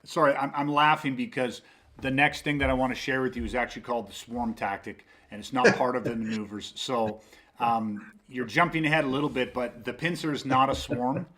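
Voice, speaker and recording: A man's voice: mid-range voice, brisk, a bit bright. A man hosting a podcast, explaining self-defense tactics in a casual, emphatic way, with frequent swearing and restarts. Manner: emphatic, profane, rambling with restarts.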